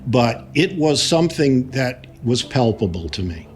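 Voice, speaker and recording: A man, a lawyer being interviewed, recounting events in an emphatic, animated way with frequent restarts. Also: medium pitch, measured pace, faint music behind.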